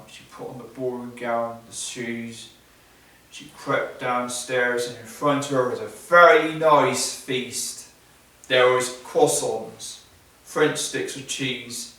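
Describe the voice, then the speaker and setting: A man telling a fairy tale aloud at a live event, in simple, repetitive phrasing with pauses. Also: medium pitch, a bit bright. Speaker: storyteller. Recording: echoey hall from far off.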